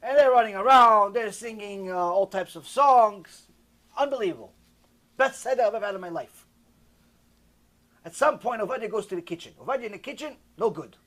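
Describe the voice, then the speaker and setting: A rabbi with a high-pitched male voice tells a sermon story a little quickly. He's animated and repetitive, acting out the dialogue himself.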